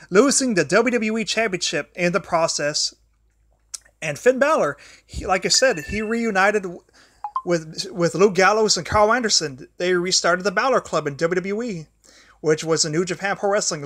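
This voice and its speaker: A man's voice: high-pitched, fairly bright tone, no echo, clean studio sound. A young man hosting a solo livestream, rambling and often restarting his sentences. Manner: grumbles at a failing charger mid-talk. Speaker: livestream host.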